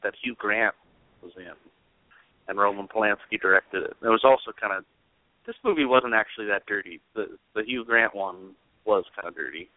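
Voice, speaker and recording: A man's voice: fairly low pitch, normal speed, dry recording. A man co-reviewing a movie on a podcast, rambling and hedging with lots of "like". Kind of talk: casual movie review chat. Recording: dry phone-like sound.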